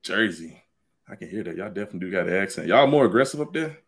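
A man calling into a live dating show, smooth-talking and laid-back as he flirts. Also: sits low, lively intonation, very fast. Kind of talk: casual flirting chat.

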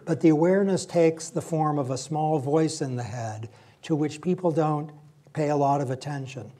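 A man's voice: on the high side, normal speed, dark tone. A man giving a public lecture in a reflective, conversational way, weaving in personal stories.

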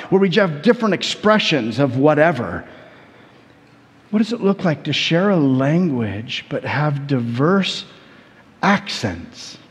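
American pastor preaching in a reverberant hall. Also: male voice, a little high. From United States. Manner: conversational, animated storytelling with repetitions. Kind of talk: sermon.

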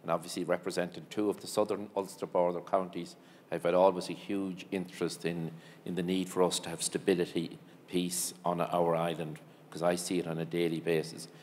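A man, speaking as a politician on a panel in a brisk, formal way. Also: low voice, level tone, darkish tone. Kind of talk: panel discussion. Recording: hall with long reverb, faint hum.

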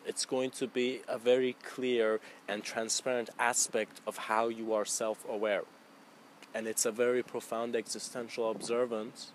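A man giving a spiritual lecture and telling a Zen story in a slow, reflective way. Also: mid-range voice, a little hiss or hum. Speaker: spiritual teacher.

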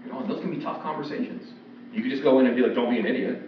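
A pastor with a mid-range voice preaches an expository sermon very fast in a loose, conversational style, acting out quoted voices. The church sanctuary recording sounds echoey, distant and dull, with a little hiss or hum.

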